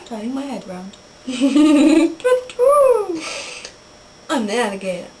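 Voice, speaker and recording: A woman's voice: high-pitched, expressive, normal speed, distant mic. Giggly young woman doing animal noises. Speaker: vlogger. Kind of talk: silly animal impressions. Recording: noisy home recording.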